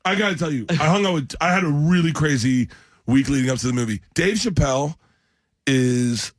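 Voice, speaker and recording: A man's voice: fairly high pitch, a little fast, dry recording. A middle-aged man, a guest comedian in a radio studio, telling rambling stories with lots of laughter and restarts. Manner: animated, laughs through his stories. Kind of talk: casual interview storytelling.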